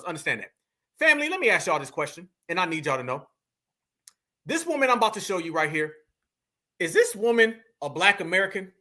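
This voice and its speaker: A man with a strikingly high, bright and forceful voice hosts a live stream. He talks emphatically and turns often to his chat. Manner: emphatic, addresses the chat directly. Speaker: livestream host.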